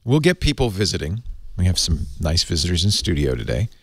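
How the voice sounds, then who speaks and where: A man hosting a casual tech talk show, animated and quick, laughing often, in a studio. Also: low-pitched. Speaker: podcast host. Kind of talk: casual chat. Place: radio studio.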